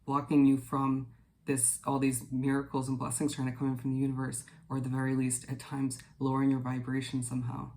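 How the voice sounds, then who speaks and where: A man talks through a daily tarot spread in a gravelly, creaky voice. His pitch stays flat and level, and his delivery is gentle, reassuring and unhurried, with relaxed fillers as he speaks to his viewers. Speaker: tarot reader. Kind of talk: casual tarot reading to viewers.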